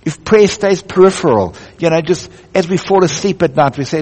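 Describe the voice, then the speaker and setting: A man's voice: sits high, animated, normal speed, hardly any pauses, darkish tone, slightly rough. A man preaching a sermon as a pastor, earnest and building emphasis through repetition. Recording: echoey hall.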